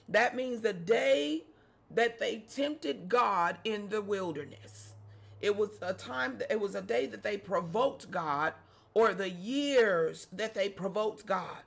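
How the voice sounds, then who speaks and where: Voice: mid-range voice, lively intonation, slow, vocal fry, a bit bright. A preacher giving a sermon, reading scripture aloud and repeating phrases and rhetorical questions to the congregation.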